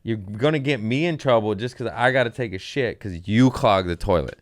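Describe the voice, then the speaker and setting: A low-pitched male comedian spinning a crude workplace story with loud, animated outbursts and plenty of swearing. The sound is dry and close, with no room echo. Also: fairly quick. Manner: profane, animated, laughing storyteller. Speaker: comedian podcast host. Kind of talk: casual storytelling.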